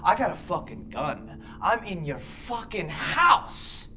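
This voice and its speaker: Brief: man as a profane, unstable armed intruder, wild pitch swings, faint noise behind. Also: sing-song, takes it slowly, heavily acted. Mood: threatening. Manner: profane, swings from muttering to shouting. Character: volatile armed male home invader, menacing. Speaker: actor. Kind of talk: film dialogue.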